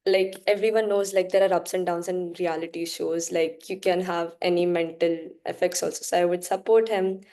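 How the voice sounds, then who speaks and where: A woman's voice: fairly low pitch, fairly even intonation, moderate pace, few pauses, dark tone. A young woman giving a practice speaking-test answer, hesitant and full of fillers, sometimes giggling. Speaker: student.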